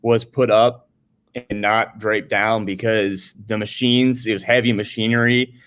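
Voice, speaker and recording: A man's voice: fairly low pitch, unhurried. A man with a North Dakota accent, a teacher co-hosting a class vodcast in an upbeat, jokey, casual way. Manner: upbeat, jokey, energetic greetings.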